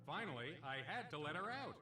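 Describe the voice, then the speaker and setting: A man's voice: a little high, big pitch swings, a little fast, roomy sound, distant mic. An actor playing a cheesy male casino stand-up comedian, delivering punchy jokes and doing comic voices. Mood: brash.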